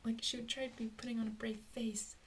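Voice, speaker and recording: A woman's voice: a little high, level tone, quick pace, a little hiss or hum. Woman thinking aloud in half-whispers. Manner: rambling, often drops to a whisper. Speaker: fan theorist. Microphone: close mic, recorded alone.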